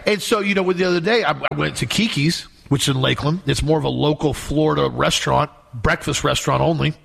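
A man's voice: a little high, fast, creaky, a bit bright, husky. A man chatting casually, reacting and adding his own comments. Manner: chimes in with short reactions and agreement. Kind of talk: casual chat.

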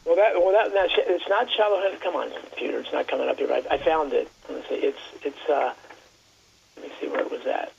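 A man's voice: on the high side, vocal fry, highs cut off, a little hiss or hum. A man chatting on talk radio in a rambling way, stopping and restarting his sentences often. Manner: rambling, halting, many restarts. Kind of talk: casual talk radio chat.

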